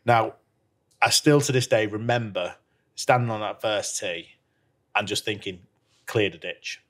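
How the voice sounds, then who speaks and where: A professional golfer tells an anecdote on a podcast, laughing through it and acting out what other people said. His voice is on the low side, unhurried, and a bit bright.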